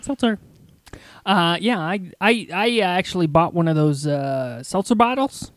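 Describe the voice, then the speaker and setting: A man hosting a casual comedic chat, talking haltingly with many ums and uhs. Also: high-pitched, animated, no room sound. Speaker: host.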